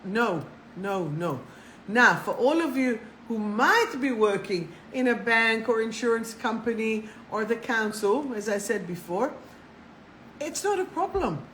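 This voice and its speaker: A woman hosting a live spiritual talk, chatty and animated, swearing casually and laughing at herself. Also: fairly high pitch, unhurried, a little hiss or hum, rough recording. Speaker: spiritual coach and live show host.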